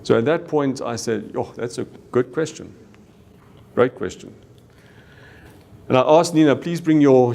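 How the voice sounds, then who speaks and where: South African man telling a story. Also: mid-range voice. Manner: candid storyteller, acts out dialogue, Afrikaans exclamations. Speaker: company CEO giving a talk. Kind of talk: personal story told to staff.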